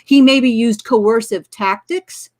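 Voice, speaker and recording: A woman's voice: on the high side, takes it slowly, a little mellow. A woman in a casual livestream chat over a video call, arguing her views and ending points with "right?". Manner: opinionated, argumentative, ends points with "right?". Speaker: guest.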